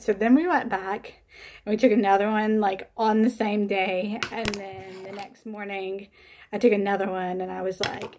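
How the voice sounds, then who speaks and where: Talking straight to the camera, a young woman vlogs a personal story, chatty and casual, full of fillers as she animatedly relives it. Her pitch is medium and her pace normal, with a faint hiss or hum underneath.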